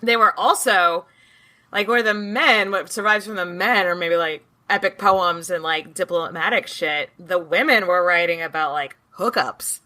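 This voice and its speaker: A woman co-hosting a casual history podcast, chatty, with quick asides and casual swearing. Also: lowish voice, pushed and bright. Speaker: podcast co-host.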